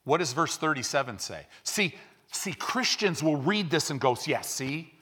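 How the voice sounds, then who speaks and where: A middle-aged male pastor preaching a sermon, shifting from quiet explanation to loud, fervent exhortation and leading the congregation in call-and-response. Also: a little high, lively intonation, moderate pace, breathy edge.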